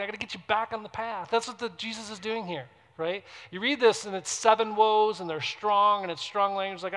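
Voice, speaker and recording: A man preaching a sermon as a pastor. He is emphatic, swings between loud declaiming and soft asides, and often asks the congregation questions. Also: a little high.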